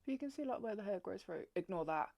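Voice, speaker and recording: Woman, young, book vlogger; sweary, animated chat, mid pitch, dry close sound. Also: quick pace, gravelly, dry recording. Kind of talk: casual chat to camera.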